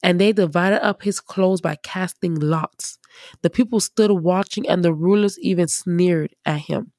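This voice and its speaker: Animated woman preacher teaching casually. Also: on the low side, measured pace, dry recording, studio quality. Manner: animated, conversational, emphatic.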